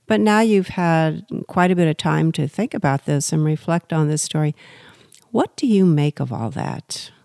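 A woman's voice: deep voice, normal speed, creaky, a little mellow, no echo, studio quality. A woman hosting an interview, asking curious, reflective questions. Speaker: interview host.

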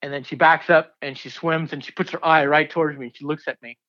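A man in his fifties, a diver telling a story in an interview, excitable and rambling with many fillers and restarts. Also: on the high side, fast talker, muffled recording.

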